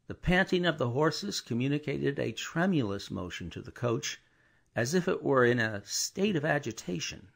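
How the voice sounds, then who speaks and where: A man giving a scripted, expressive audiobook narration. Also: medium pitch, vocal fry. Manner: expressive storytelling.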